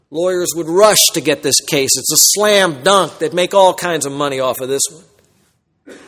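A man preaching an expository sermon, emphatic, swinging between loud exclamations and quiet, solemn asides. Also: on the high side, in a large hall.

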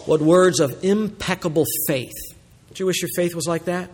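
A man's voice: fairly high pitch, moderate pace, breathy edge. Preaching man in an echoing hall. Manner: dynamic preaching, swinging from hushed to loud exclamations. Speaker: pastor. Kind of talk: sermon.

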